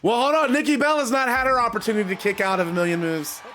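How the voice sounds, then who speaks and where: This man's voice sits unusually high, and he commentates a wrestling video game in casual play-by-play. His talk is loose and sometimes profane, and it bursts into shouting at the big moments. A faint hum of background noise runs under the recording. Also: steady tone, fast talker. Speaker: gamer commentating his own matches.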